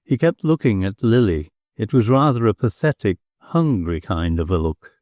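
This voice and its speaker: Dark expressive male narrator. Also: fairly low pitch, measured pace, few pauses, no room sound, studio quality. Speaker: audiobook narrator. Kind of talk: scripted narration.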